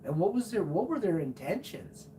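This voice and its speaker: A man's voice: high voice, sing-song, moderate pace, distant mic, slight background noise. A young man telling a brash, profane story in a casual livestream monologue. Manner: brash, profane, rambling, acts out his own shouts. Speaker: live streamer. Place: home room at night. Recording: voice set back from the mic.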